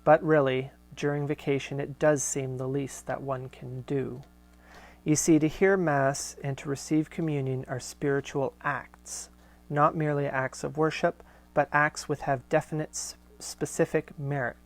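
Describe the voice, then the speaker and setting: A man hosting a live show, reading archival letters aloud in a measured way with casual asides. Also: fairly high pitch, level tone, vocal fry.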